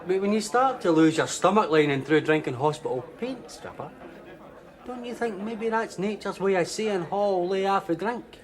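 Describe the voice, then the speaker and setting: A man's voice: high-pitched, expressive, normal speed. An actor playing a smug, sardonic Scottish barman in a TV sitcom, wry and teasing. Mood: lecturing. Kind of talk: TV sitcom acting.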